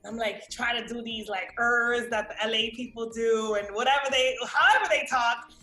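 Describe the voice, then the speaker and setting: A woman with a slight New York-tinged American accent, a guest actress telling a story in a casual interview, animated, swearing freely and acting out the voices of people she quotes. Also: a little high, moderate pace. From Miami, USA. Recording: roomy echo with faint music.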